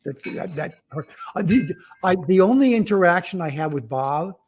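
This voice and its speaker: A man, an author, chatting in an easygoing, halting way on a livestream. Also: high-pitched, animated, a little mellow. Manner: easygoing, halting, frequent agreeing yeahs. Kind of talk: casual livestream conversation.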